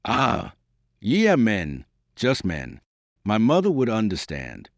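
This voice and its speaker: A man voicing a devout, gentle young peasant girl turned army commander, speaking earnestly and pleading. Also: lowish voice, wildly swooping pitch, slow pace, dry recording, clean studio sound, heavily acted.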